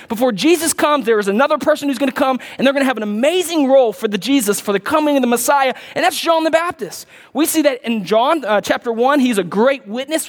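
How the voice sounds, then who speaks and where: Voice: high-pitched, big-room sound. A pastor preaching a sermon in a conversational way, reading scripture aloud and adding casual asides to the congregation.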